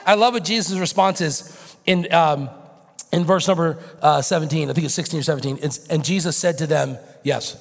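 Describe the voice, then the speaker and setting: Gravelly-voiced male pastor preaching. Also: fairly high pitch, brisk. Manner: builds from quiet teaching to loud shouted preaching. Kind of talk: sermon. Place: church sanctuary. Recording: long hall reverb.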